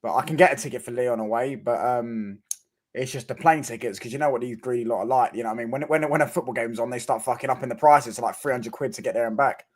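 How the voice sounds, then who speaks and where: Man, laid-back casual chat, swearing, quick talker, video call. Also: mid-range voice. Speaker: guest on a fan show.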